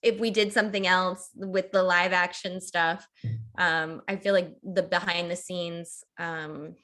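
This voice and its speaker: A woman's voice: on the low side, little pitch movement, measured pace, a bit bright. A woman, an actress guest, chatting casually in an interview and laughing easily. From Boston area, raised in Georgia.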